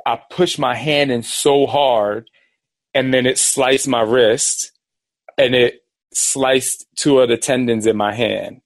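A man hosting a podcast, telling a personal story in a rambling, animated way and acting out the voices of people in it. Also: mid-range voice, takes it slowly, dry recording. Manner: animated, rambling, acts out quoted dialogue. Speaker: podcast host. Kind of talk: casual storytelling.

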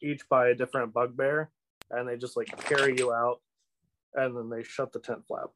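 A man's voice: mid-range voice, level tone, normal speed, fairly bright tone, poor audio. A man narrating as game master in a tabletop game, casual and laughing easily. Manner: casual, laughing, stumbling over words.

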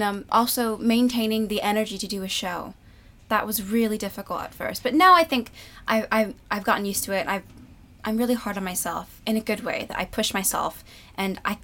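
A young woman talks openly as an interview guest. She is chatty and candid, trips over her words now and then, and laughs easily. Her voice sits at an ordinary middle pitch. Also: fairly bright tone. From United States. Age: young adult. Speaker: stage actress, interview guest. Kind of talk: casual interview chat.

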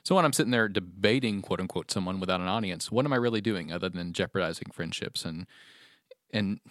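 A man co-hosting a podcast in a casual chat, halting and full of fillers as he explains things. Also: sits low, a bit bright, no room sound, studio quality. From Tennessee, USA. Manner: hesitant, many fillers and restarts. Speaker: podcast co-host.

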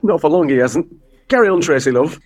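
A man's voice: a little high, lively intonation, brisk. An actor playing a brusque, dismissive man directing a pantomime.

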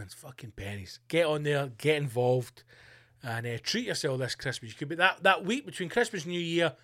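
A man hosting a casual solo podcast, animated and sweary, laughing as he reads out news stories. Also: on the high side, no echo, clean studio sound. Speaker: podcast host.

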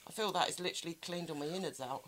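An English woman co-hosting a casual podcast, chatty and quick to laugh at her own odd sayings. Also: lowish voice, fairly bright tone, a little hiss or hum. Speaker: podcast co-host. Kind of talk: casual chat.

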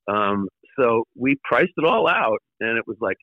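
A man guest in an interview, recalling his years in the record business in a halting way, with many fillers and restarts and the odd wry laugh. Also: medium pitch, big pitch swings, no room sound, phone-quality sound. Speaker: former record label executive, guest. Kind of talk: conversational interview storytelling.

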